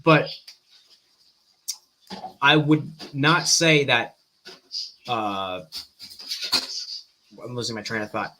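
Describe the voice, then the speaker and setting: A man hosting a stream, giving fast, animated reaction commentary and often breaking off mid-sentence. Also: mid-range voice, slight background noise. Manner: fast-talking, animated, self-interrupting. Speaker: stream host.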